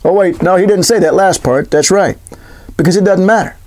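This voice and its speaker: A man giving a sarcastic, animated political commentary monologue full of rhetorical questions. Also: high-pitched, fairly quick.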